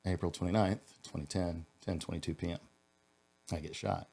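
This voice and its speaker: A man, a former police officer, telling a personal story as a podcast guest in an earnest, halting way, restarting his sentences and going quiet in the emotional parts. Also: low voice, fairly even intonation, gravelly, husky.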